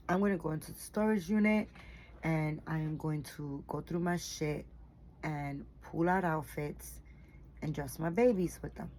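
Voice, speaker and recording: Brief: woman vlogger, low-pitched, worn out and yawning, rambling chatty delivery, faint room ambience. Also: a little hiss or hum, poor audio. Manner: rambling, chatty, tired, with frequent fillers and swearing. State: tired and yawning. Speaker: doll collector vlogger. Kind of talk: casual chat to camera.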